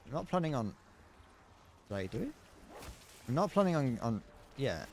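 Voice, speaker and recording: A man's voice: medium pitch, sing-song, normal speed, a little hiss or hum. A British man casually talking through a game as he plays, thinking aloud and humming little tunes. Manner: chatty, thinks aloud, hums tunes while playing. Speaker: streamer. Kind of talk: live gameplay commentary.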